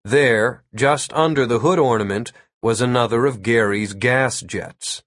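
Dry, measured male story narrator. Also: mid-range voice, a bit bright, no room sound. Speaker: audiobook narrator.

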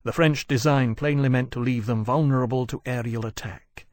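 A man with a mid-range voice narrates an audiobook from a script, telling the story in a measured, even way. The recording is dry and studio quality.

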